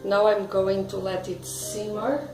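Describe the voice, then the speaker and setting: A woman's voice: mid-range voice, little pitch movement, unhurried. A woman hosting her own cooking video at home, chatting to the viewer with self-deprecating asides as she works through a recipe. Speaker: cooking show host. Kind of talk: casual cooking demonstration. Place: home kitchen. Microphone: self-filmed camera. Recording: roomy echo, faint background music.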